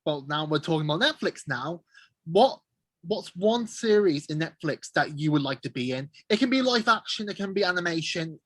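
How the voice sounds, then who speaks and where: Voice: mid-range voice, lively intonation, moderate pace, no echo. A podcast interviewer asking questions in a playful, teasing way. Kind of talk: casual interview chat.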